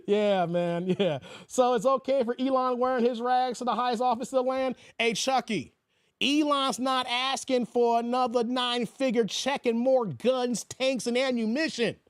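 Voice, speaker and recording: A man hosting a casual live stream, talking in an animated, joking way and mimicking other voices. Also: very high-pitched, normal speed, clean tone, dry recording. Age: 40s. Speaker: YouTube commentary host.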